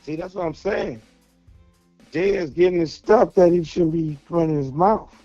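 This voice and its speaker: A male caller joking around in a lively, casual way. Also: fairly high pitch, moderate pace, no room sound. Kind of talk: casual call-in chat. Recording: dull lo-fi call with faint music.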